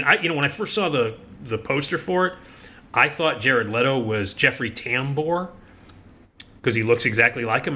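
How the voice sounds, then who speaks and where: A man's voice: medium pitch, bright, forceful tone. A man giving a casual preview of upcoming movies as a critic, blunt and profane, with sarcastic asides. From United States. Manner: does quick mocking impressions. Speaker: film critic.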